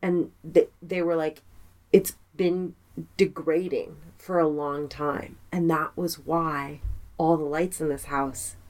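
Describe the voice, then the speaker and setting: A woman's voice: deep voice, steady tone, slow, a little mellow. A woman in her thirties co-hosting a podcast, chatting casually and telling anecdotes with frequent laughter. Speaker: podcast co-host. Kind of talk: casual chat.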